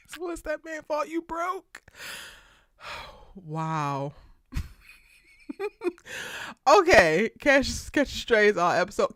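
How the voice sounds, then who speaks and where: A woman hosting a live TV show recap, talking in an animated, slangy, emphatic way and laughing often. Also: a little high, no echo, clean studio sound. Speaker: TV show aftershow host.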